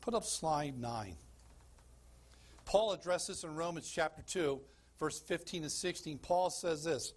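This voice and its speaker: A man's voice: fairly high pitch, expressive, unhurried. A man preaching a sermon as pastor of a church, emphatic, asking the congregation questions and calling for slides.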